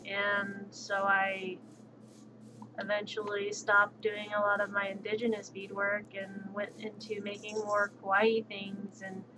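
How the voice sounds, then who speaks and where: A woman livestreamer chatting casually and outspokenly while she plays, with quick, sassy asides. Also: medium pitch. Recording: dull lo-fi stream audio with steady background noise.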